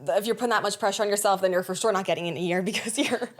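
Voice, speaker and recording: A young adult woman hosting a podcast, talking bluntly in a casual, animated way, with frequent swearing. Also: mid-range voice, rapid-fire. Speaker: podcast host.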